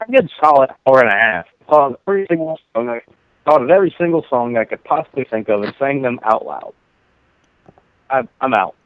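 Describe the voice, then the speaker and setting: A man's voice: mid-range voice, dry recording. A man telling a rambling, profane story on a podcast, laughing at his own jokes. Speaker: podcast co-host. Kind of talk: casual storytelling. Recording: dry, phone-like narrow sound.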